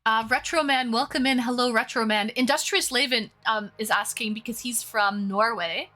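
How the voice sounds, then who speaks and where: A woman's voice: on the high side, normal speed, pushed and bright. A woman hosting a casual live stream, chatting with a guest and reading out viewer comments. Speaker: stream host.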